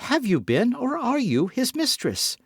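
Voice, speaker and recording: Guy doing a young earnest woman, high and eager, jumpy pitch. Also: big pitch swings, a little slow, dry recording, clean studio sound, heavily acted. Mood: pleading.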